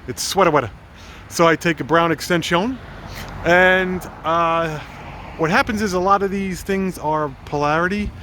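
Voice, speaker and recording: A goofy man with a slightly high voice, rambling cheerfully through a casual outdoor walkthrough. He slips into mock game show host patter, and faint traffic hums in the background. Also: a bit bright. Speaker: home video host. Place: outdoors around a house.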